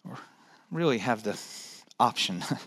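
A man preaching a sermon in a dynamic, conversational way, dropping to soft near-whispers and rising to emphatic points, with joking asides. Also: medium pitch, expressive, measured pace. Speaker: pastor.

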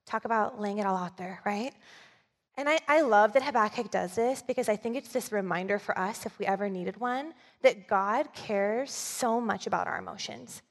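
A woman's voice: mid-range voice, normal speed, big-room sound. A woman preacher giving a sermon in a church, conversational and often asking the audience to agree with her. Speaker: communications director, preacher.

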